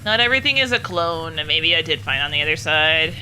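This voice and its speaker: A young woman streaming a game, chatting casually and swearing at it out loud. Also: low-pitched, lively intonation, brisk, a little hiss or hum. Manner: swears often, scolds the game aloud. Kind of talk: casual gameplay commentary.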